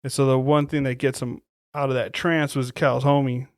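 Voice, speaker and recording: A podcast co-host chats casually in a mid-range voice at a moderate pace, captured as a dry, studio-quality recording. He swears a lot and tells stories with animation, acting out quoted lines as he retells scenes.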